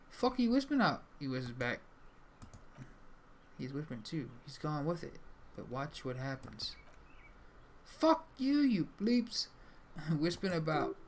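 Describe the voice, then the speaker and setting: A young man streams a game, swearing casually as he reads the dialogue aloud. His voice has a gravelly edge. Faint noise hums under the mic. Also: mid-range voice. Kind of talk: live gameplay commentary, reading dialogue aloud.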